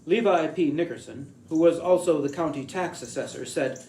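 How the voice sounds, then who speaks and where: A man reading a short story aloud as storyteller, in a measured, deliberate way. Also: on the high side, a little mellow. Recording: echoey room with faint hiss.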